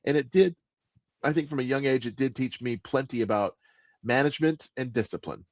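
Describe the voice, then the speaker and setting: A man speaking as the guest author in an interview, with an expressive delivery that stresses words and often restarts his sentences. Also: mid-range voice, brisk, dry recording. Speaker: guest author and audiobook narrator. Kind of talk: conversational interview answers.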